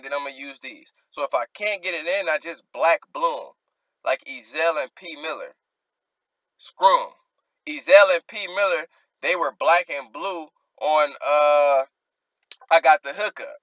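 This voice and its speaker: A man with a fairly high, bright, forceful voice talks through rap lyrics line by line in casual slang. He rereads each bar and then explains it. The sound is dry and close. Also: no echo. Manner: rereads lines, then unpacks them with loose slang. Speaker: rap commentator.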